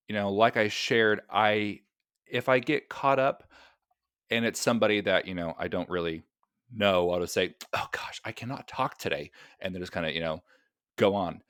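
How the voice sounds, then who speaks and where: A man's voice: on the low side, a little slow, long pauses, a bit bright, clear, resonant tone, no room sound, clean studio sound. A man who is a podcast guest, talking casually with a mild stutter, lots of "you know" and "like," and frequent laughter. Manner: mild stutter, many fillers, laughs easily. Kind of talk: casual interview chat.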